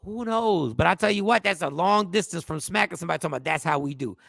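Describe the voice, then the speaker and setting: High gravelly man with animated storytelling. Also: quick pace, no room sound, studio quality. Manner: animated storytelling, bursts into shouting. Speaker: podcast co-host. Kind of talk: casual chat.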